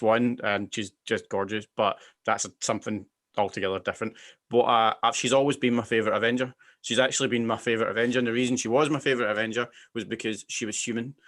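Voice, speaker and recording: A Scottish man hosting a casual film chat, giving emphatic, animated opinions. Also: on the low side. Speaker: podcast host.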